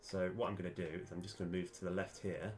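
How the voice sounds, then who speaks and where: Give me a man with a fairly low voice commentating his game stream, thinking aloud and getting excited, with soft music in the background. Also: quick pace. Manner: thinking aloud, many fillers, bursts of excitement. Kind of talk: live-stream commentary while playing and mapping a game.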